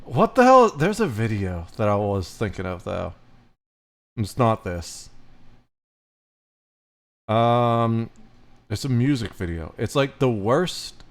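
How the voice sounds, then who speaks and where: A man from the United States streaming, reacting to videos and telling stories in an animated, rambling way. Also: medium pitch, slow, long pauses.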